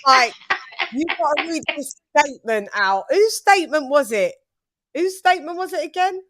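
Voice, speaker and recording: A woman hosting a casual chat, telling lively stories and acting out what people said. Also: high voice, normal speed. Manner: animated, storytelling with quoted voices. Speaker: host.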